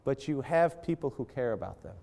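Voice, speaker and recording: This pastor's sermon to parents and students is impassioned, his voice climbing and sinking while he acts out prayers. He speaks a little fast in a warm, creaky, medium-pitched voice with expressive intonation.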